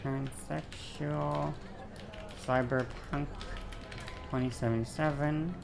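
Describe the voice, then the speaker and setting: A woman streamer chatting casually, shifting her voice between a lower and a lighter register, with vocal fry. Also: moderate pace, noisy background. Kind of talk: casual chat while gaming.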